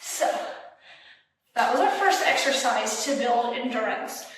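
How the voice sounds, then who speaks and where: A woman's voice: on the high side, expressive, normal speed, noisy background. A young woman who teaches fitness and demonstrates exercises, counting reps aloud and getting out of breath. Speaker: fitness instructor. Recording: echoey room from far off.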